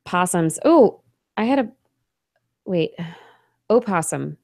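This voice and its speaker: A woman's voice: on the low side, lively intonation, slow, creaky, darkish tone, no room sound, studio quality. A woman co-hosting a science podcast, chatting casually, laughing often and trailing off mid-thought. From Oregon, USA. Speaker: podcast co-host. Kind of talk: casual chat.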